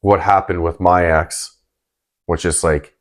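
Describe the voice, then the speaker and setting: Young man, podcast co-host, low deep voice, relaxed casual chat, hedging phrasing. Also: measured pace. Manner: laid-back, hedging with "kinda" and "right?".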